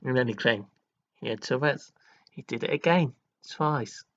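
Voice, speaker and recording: Over a muffled recording, a male live streamer with a medium-pitched voice talks at a moderate pace. He addresses his viewers dramatically and earnestly, switching between scolding and praise, breaking into abrupt laughs and sighs.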